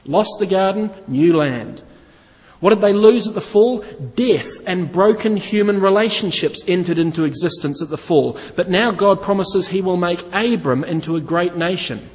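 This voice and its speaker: A man's voice: high voice, normal speed, big-room sound, poor audio. A man preaching a sermon, asking his listeners questions and leaning hard on key words. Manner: asks the congregation questions, stresses key words.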